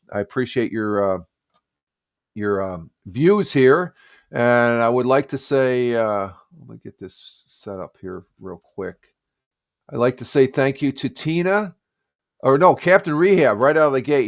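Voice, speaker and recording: A man hosting a casual morning live stream, rambling with many fillers and restarts as he gives friendly shout-outs to viewers. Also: mid-range voice, no echo, clean studio sound.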